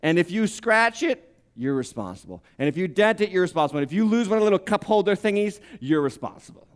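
A pastor preaching a sermon in an animated, humorous way, acting out quotes. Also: male voice, sits high, quick pace, clean tone.

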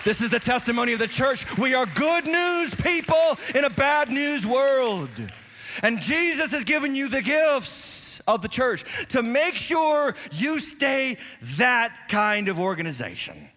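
A man preaching a sermon as pastor in a church, rising to loud emphatic peaks and dropping to quiet teaching. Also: very high voice, very animated, a little slow, long reverb tail, a faint crowd, slight background noise. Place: church sanctuary.

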